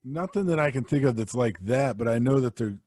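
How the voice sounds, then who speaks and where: A man's voice: medium pitch, expressive, brisk, warm tone. A young man co-hosting a casual podcast, joking around and breaking into bits of song. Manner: jokey, breaks into sung snippets. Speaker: podcast co-host. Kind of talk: casual chat.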